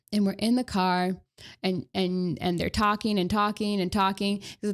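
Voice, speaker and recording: A woman's voice: medium pitch, a bit bright. Chatty young woman telling a story. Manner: rambling, with many fillers and restarts; chatty and conversational. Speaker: streamer telling a personal story. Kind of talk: casual storytime chat.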